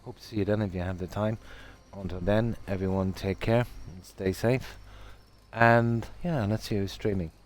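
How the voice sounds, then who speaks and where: Low-voiced Irish Midlands man, rambling. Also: moderate pace, a little hiss or hum. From Ireland. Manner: relaxed, rambling, self-deprecating. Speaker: game streamer. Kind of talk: casual chat with stream viewers.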